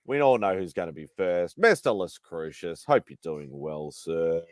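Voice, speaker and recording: A man's voice: sits low, normal speed, no room sound, studio quality. A man with an Australian accent hosting a casual hangout show, laid-back and greeting viewers by name. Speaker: host.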